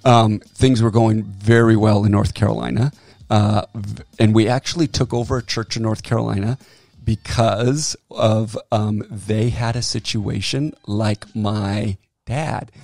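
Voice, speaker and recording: A man who is a pastor, telling a story on a casual podcast in an animated way and acting out the people he quotes. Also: on the low side, measured pace, gravelly, no room sound. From Southern California. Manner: animated storyteller, acts out quoted voices, laughs often.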